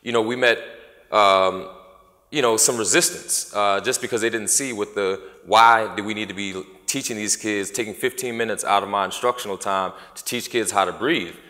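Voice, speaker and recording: Lowish, bright man presenting in a hall. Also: fairly even intonation, normal speed. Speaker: conference presenter. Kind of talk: conference talk. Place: conference hall. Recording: echoey hall.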